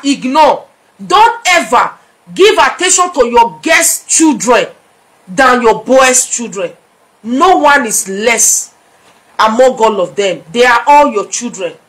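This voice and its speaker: A woman's voice: high-pitched, sing-song, measured pace, a bit bright. A middle-aged woman with a Nigerian accent, talking to her audience in a casual vlog and scolding them in a chatty mix of Pidgin and English. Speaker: blogger.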